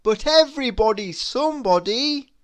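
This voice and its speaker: A woman voicing a cheerful, kindly little storybook man who speaks in high, exclaiming bursts. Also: very animated, takes it slowly, full character voice. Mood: cheerful surprise. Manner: bright, exclaiming.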